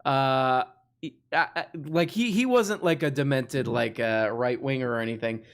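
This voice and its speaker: A man hosting a live call-in stream, talking in a loose, rambling way. He laughs often and restarts his sentences again and again. His voice sits at an ordinary middle pitch. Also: moderate pace. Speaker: host. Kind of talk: casual live-stream chat.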